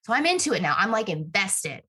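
A young woman in casual chat, bubbly and quick to laugh. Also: medium pitch, big pitch swings, sharp tone, slightly rough.

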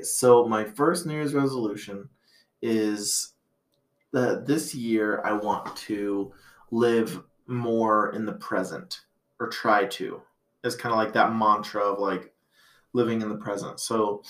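A man with a fairly low voice hosts a laid-back podcast, thinking out loud in long reflective stretches. He fills his talk with "um" and "you know". The recording has a roomy echo around him. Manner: rambling, reflective, many fillers. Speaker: podcast host. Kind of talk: casual podcast chat.

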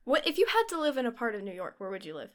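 Texan woman on a podcast mic, high voice, teasing and bantering. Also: very animated, fairly bright tone. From Texas. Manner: teasing, playful, quick to banter. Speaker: podcast co-host. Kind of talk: casual chat. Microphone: podcast microphone.

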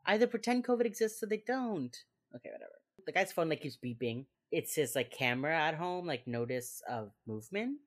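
Low-voiced chatty young woman. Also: expressive, brisk, few pauses. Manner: chatty, lots of fillers, acts out quotes with laughs. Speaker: podcast co-host recapping a TV episode. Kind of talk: casual chat.

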